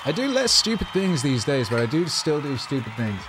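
A man's voice: fairly high pitch, very animated, a little fast, a crowd in the background, background noise. A man, a rapper, telling rambling, self-mocking stories in a casual monologue, loose with fillers and swearing.

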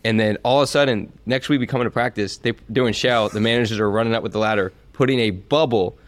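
A man co-hosting a podcast, relaxed and slangy, recalling practice stories. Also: mid-range voice, quick pace, no echo. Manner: slangy, relaxed, says "bro". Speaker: podcast co-host, former player. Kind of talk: casual storytelling chat.

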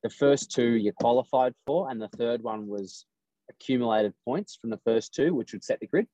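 A man's voice: mid-range voice, normal speed, highs cut off. A man, a race driver telling a story in casual podcast chat and acting out the lines of others. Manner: animated storyteller acting out quotes.

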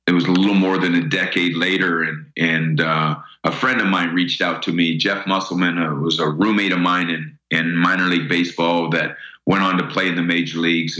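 A man's voice: low-pitched, bright, forceful tone, roomy sound, low-quality recording. A middle-aged man telling an earnest personal story as an interview guest, often repeating words as he starts a sentence.

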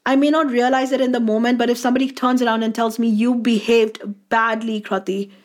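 Earnest, higher-pitched woman coach. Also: little pitch movement, brisk. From India. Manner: earnest, emphatic, thinks aloud. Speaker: podcast guest, coach. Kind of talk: casual interview talk.

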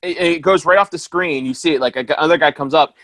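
A man in casual talk among friends, recounting a news video with lively acted-out quotes. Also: fairly high pitch, fast talker, dry recording. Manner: animated storytelling, acts out quotes with shouts. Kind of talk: casual chat.

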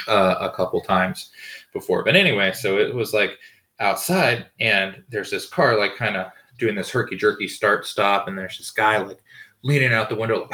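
Casual swearing man, bright tone. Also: on the low side, normal speed. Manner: rambling, swears freely, many fillers. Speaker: podcast host. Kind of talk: casual storytelling monologue. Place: home with dogs barking nearby.

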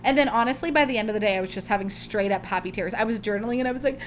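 A woman's voice: medium pitch, very fast, a little hiss or hum. A young woman hosting her own podcast, chatting casually and gushing about her week with lots of "like"s. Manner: gushing, chatty, rambling with many "like"s. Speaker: podcast host. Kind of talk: casual solo chat.

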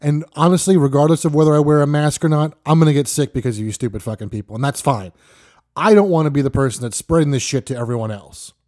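A man hosting a podcast, yelling a profane, exasperated rant. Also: a little high, quick pace. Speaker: podcast host. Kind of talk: ranting monologue.

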